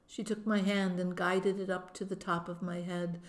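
A woman narrating a novel in first person as an audiobook, in a measured, expressive manner. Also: fairly low pitch.

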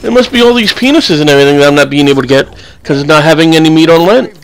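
A young man talks loosely over his game footage, drifting between match details and crude jokes. His voice sits a little high and has a rough, gravelly edge. The delivery is casual and offhand throughout. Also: rapid-fire. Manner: rambling, crude joking banter. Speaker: gaming channel host. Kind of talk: casual gameplay commentary.

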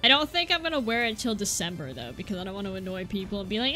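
A young woman giving excitable live gameplay commentary from a room at home, exclaiming and repeating words in bursts. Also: medium pitch, racing, hardly any pauses, faint music behind. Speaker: gaming YouTuber.

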